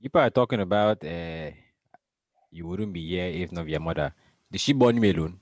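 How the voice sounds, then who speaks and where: Playful guy ribbing his friends on a podcast, deep voice, dry sound. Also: brisk, no echo. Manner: teasing, playful. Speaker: podcast co-host. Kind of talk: casual podcast chat.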